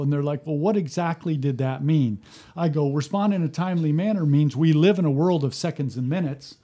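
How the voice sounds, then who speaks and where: Here the ex-fire service leader speaks briskly in a slightly high voice with a dark tone. It's a relaxed podcast chat where he recounts work stories, plays out the people he quotes, and keeps restarting his sentences.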